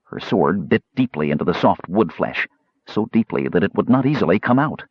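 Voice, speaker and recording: A man reading fantasy fiction aloud as an audiobook narrator, steady storytelling with varied voices. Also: low-pitched, fairly quick, husky, no echo, lo-fi sound. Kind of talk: scripted narration.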